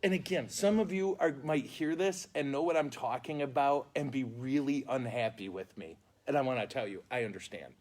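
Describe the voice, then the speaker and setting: A man's voice: mid-range voice, moderate pace, few pauses. A man who is a priest, telling funny stories in a casual catechesis talk with mock outrage. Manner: animated, comic storyteller with mock outrage. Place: indoors at a funeral home, live stream.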